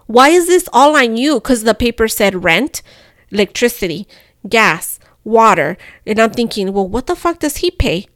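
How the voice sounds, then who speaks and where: A young woman, telling a story on a podcast in an animated, profane way and slipping into phrases. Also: fairly high pitch, moderate pace, no room sound, clean studio sound. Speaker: podcast co-host. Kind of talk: casual storytelling chat.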